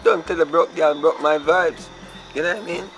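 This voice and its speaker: A man's voice: on the high side, steady tone, normal speed, fairly bright tone, highs cut off, faint music behind. A man with a Jamaican accent, indignantly ranting in a comedy sketch.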